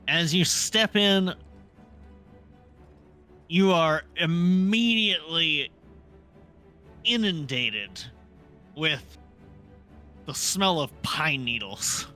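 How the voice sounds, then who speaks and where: Slow, bright-voiced man narrating a game. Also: a little high, lively intonation, faint music behind. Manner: descriptive, unhurried scene-setting. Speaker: dungeon master.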